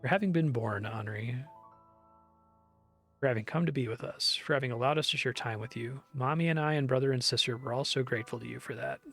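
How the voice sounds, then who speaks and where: A man voicing a calm, weary male wanderer who speaks softly and gently. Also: mid-range voice, a little fast, vocal fry, soft background music. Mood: gentle. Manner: soft, quiet, gentle.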